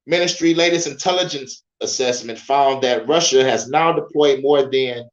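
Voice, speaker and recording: A man's voice: medium pitch, moderate pace, reverberant, dull audio. A young man hosting a podcast, reading news aloud in a casual, profane way, often breaking off to joke and laugh and stumbling over names. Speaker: podcast host.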